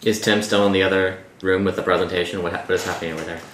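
A man's voice: low-pitched, little pitch movement, rapid-fire, fairly bright tone, a little hiss or hum. A man playing a tabletop role-playing game, casual and full of questions. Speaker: player. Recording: roomy room, distant mic.

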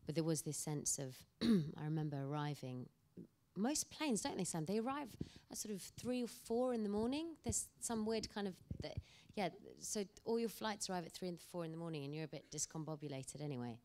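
A woman speaking as an actor guest at an onstage panel discussion, telling anecdotes in an animated way. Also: fairly low pitch, a little fast.

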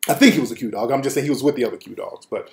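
A man hosting a show, telling a comedic story in an animated, profane way, laughing as he goes. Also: medium pitch, very fast, creaky. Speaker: host. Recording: roomy echo.

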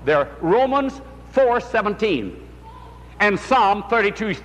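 An older man preaching a sermon with fervent delivery, rising sharply in pitch on key words and asking rhetorical questions. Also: sing-song, takes it slowly, a bit bright, big-room sound, low-quality recording.

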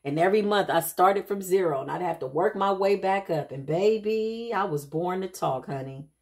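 A woman with a slightly low voice gives an informal spiritual reading to her audience. She tells stories in a lively, chatty way, with quick asides and restarts, and keeps calling her listeners child and honey. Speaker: intuitive spiritual reader. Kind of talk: casual spiritual reading monologue.

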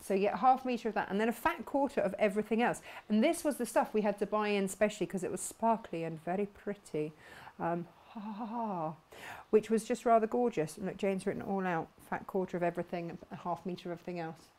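A woman hosting a craft live stream, chatting brightly and reading out viewer comments with frequent laughs. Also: mid-range voice, fast, hardly any pauses. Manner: bubbly, chatty, laughs often.

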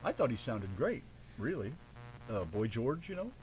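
A man's voice: mid-range voice, very animated, normal speed, background noise. An American man co-hosting a casual radio show, joking, swearing freely and hamming up a mock British voice.

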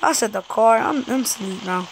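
A woman with a slightly high voice gives excitable let's play commentary, swearing, yelping and muttering at the game. She talks at a desk mic, with clear keyboard and mouse clicks behind her. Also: moderate pace, background noise. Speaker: gamer.

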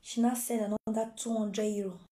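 A Nigerian woman telling a gossip story in an animated, exclaiming way and acting out the quotes. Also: a little high, fairly quick, echoey room. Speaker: gossip vlogger.

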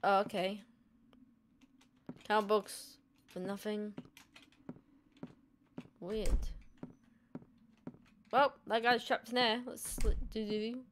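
A woman's voice: mid-range voice, little pitch movement, slow, pauses often, slight background noise. A young woman playing a horror game and commenting in a joking, self-mocking way. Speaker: gamer. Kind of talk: let's play commentary.

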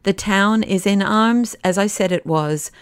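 A man's voice: sits high, a little slow, smooth, no echo. A woman voicing a placid, cynical pessimist. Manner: calm, dry and sardonic.

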